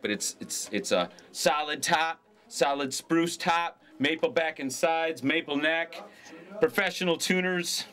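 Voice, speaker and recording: A man pitching instruments from his music store in a brash, ranting hard-sell style, swinging between shouts and mutters.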